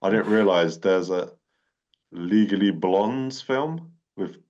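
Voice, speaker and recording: A man making wry, deadpan asides in a casual film chat. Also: sits low, slow. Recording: dull muffled sound.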